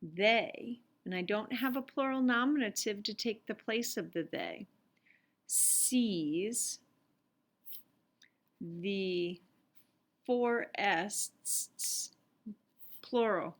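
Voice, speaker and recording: A woman with a medium-pitched voice speaks extremely slowly, leaving long pauses. She's teaching Latin, patiently going through worksheet examples and sounding out every phrase.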